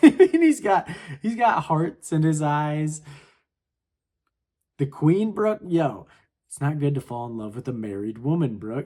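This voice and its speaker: A man's voice: fairly high pitch, expressive, slow, dark tone. A man casually chatting his way through a comic chapter, laid-back and full of slangy filler. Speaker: manga reaction host. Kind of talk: casual chapter read-along commentary.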